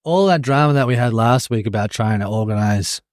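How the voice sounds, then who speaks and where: A man co-hosting a podcast, telling stories in relaxed casual chat. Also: medium pitch, fairly quick, no echo, clean studio sound. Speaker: podcast co-host.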